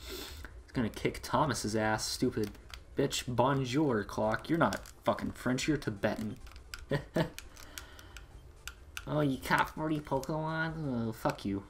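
Profane, excitable man narrating gameplay. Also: mid-range voice, slow pace, pauses often, a little hiss or hum. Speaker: let's play gamer. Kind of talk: casual gaming commentary.

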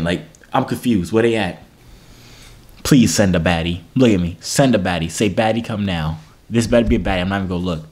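A young man joking and mocking himself in a casual vlog. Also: mid-range voice. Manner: joking, self-mocking asides. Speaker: YouTuber.

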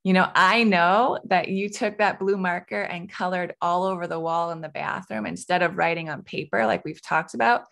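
A woman's voice: on the low side, normal speed, gravelly, hardly any pauses, a bit bright. A woman in her thirties hosting a parenting podcast, giving advice in a conversational coaching way with frequent "right?" asides. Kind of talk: solo podcast advice talk.

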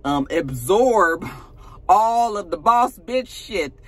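A woman's voice: mid-range voice, animated, slow pace, breathy edge. A woman casually recapping a reality TV episode, chatty and sassy, with "you know" asides and laughs as she talks.

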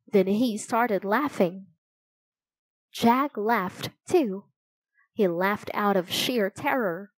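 A woman reading a children's chapter book aloud, telling it slowly and clearly. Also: medium pitch, no room sound, rough recording. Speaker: storybook narrator.

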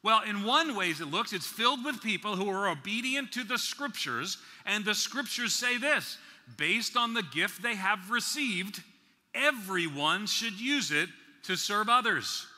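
A man from the New York City area preaching at a conference, slowing down to stress key words and dropping in playful asides. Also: high voice, animated, pushed and bright. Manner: slow deliberate emphasis, playful asides. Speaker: conference speaker. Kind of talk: sermon. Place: large conference hall. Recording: reverberant hall.

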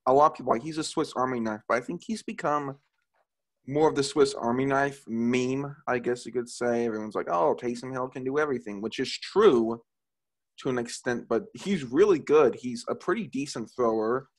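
A young man co-hosting a casual sports podcast, enthusiastic and quick to laugh. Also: mid-range voice. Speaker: podcast co-host.

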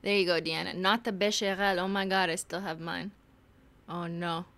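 Bright-voiced woman streaming a game; casual, giggly, chats to viewers. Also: on the low side, steady tone, normal speed. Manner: chatty, laughs often, reads game text aloud. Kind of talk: casual gameplay commentary.

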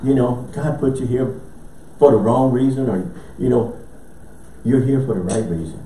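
A man's voice: mid-range voice, normal speed, mellow. A male pastor preaching a sermon with call-and-response, emphatic, repeating phrases and breaking into laughter. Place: church sanctuary. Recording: echoey church, mic at a distance, faint noise.

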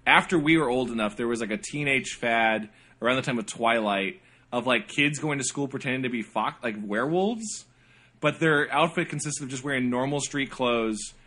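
A man's voice: medium pitch, moderate pace, sharp tone. A man co-hosting a casual podcast chat, joking and slipping into silly voices in his stories. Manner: jokey, does silly voices in anecdotes. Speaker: podcast co-host.

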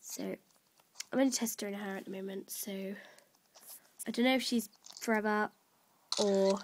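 A woman's voice: mid-range voice, fairly even intonation, a little slow, pauses often. A woman chatting casually and rambling with many fillers while she shows off her virtual pets. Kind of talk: casual gameplay chat.

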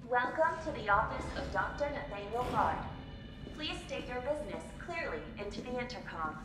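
A woman's voice: a little high, expressive, moderate pace, roomy sound, music in the background, low-quality recording. A woman voicing a cool, formal automated intercom system in a video game, heard through an intercom speaker. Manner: formal, announcing.

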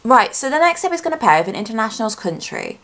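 A woman talking casually as a YouTuber reacting to a trailer, chatty and excitable, thinking aloud and correcting herself as she goes. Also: on the high side, fast, soft background music. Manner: speculative fan talk, often self-correcting.

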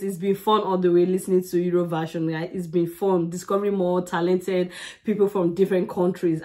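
A woman from Nigeria, hosting a music reaction channel and gushing over a song. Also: medium pitch. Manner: gushing and excitable, keeps saying "guys". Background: faint song playing.

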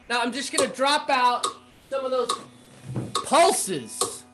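A man teaching rhythm in a casual music lesson, chanting rhythm syllables between relaxed explanations. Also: very high voice, slow pace, pauses often. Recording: noisy recording with clicks.

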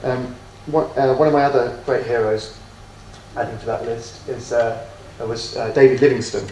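A man giving an autobiographical lecture, hesitant and self-deprecating, filling pauses with ums and restarting his sentences. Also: mid-range voice, steady tone, a little mellow. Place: lecture room. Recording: echoey room from far off, faint noise.

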